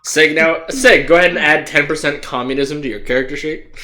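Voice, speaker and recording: A man's voice: fairly high pitch, fairly quick, crowd noise. A man narrating a tabletop game as game master, matter-of-fact with dry jokes.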